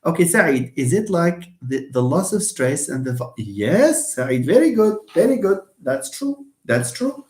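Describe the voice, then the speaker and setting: A man's voice: fairly high pitch, very animated, unhurried, hardly any pauses. Man teaching English stress. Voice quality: switches between English and Moroccan Arabic. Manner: explanatory, repeats words, answers viewer questions. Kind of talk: live online lecture. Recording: echoey room.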